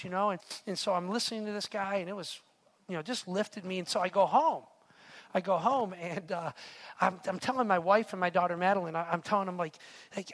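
A man's voice: high-pitched, a little fast, a bit bright. A middle-aged man preaching a sermon in a chatty storytelling way, repeating words and checking in with "right?". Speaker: pastor.

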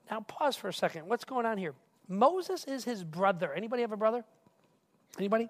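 A male pastor preaching a casual, animated sermon who keeps asking the crowd questions. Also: sits high, fairly quick. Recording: reverberant hall.

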